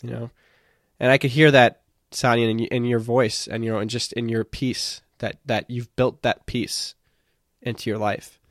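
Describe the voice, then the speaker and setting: A man's voice: medium pitch, level tone, moderate pace, dry recording, clean studio sound. A man hosting a podcast, talking in an earnest, encouraging way and repeating words as he thinks. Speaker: podcast host. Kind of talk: casual podcast conversation.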